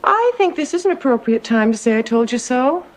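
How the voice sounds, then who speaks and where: A woman's voice: sits high, animated, brisk, heavy background noise. A dry, sarcastic woman. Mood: wry. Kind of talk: sitcom acting.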